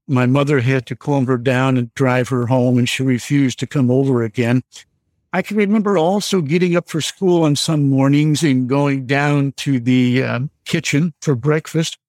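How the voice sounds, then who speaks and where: Over a radio call, an elderly Michigan man in his seventies slowly recounts a youthful encounter with a ghost, filling his many pauses with "uh." His voice sits in the middle range, captured close up without any echo.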